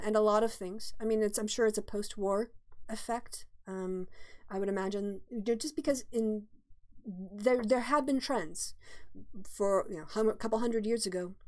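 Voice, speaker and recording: A middle-aged woman hosting a livestream, chatting casually and answering viewer questions, thinking aloud with many fillers and restarts. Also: mid-range voice. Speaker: livestream host.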